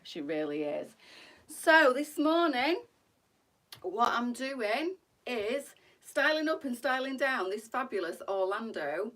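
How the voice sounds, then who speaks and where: A woman's voice: mid-range voice, fairly bright tone. A woman hosting a boutique clothing live stream, chatting and greeting viewers by name in an affectionate, gushing way.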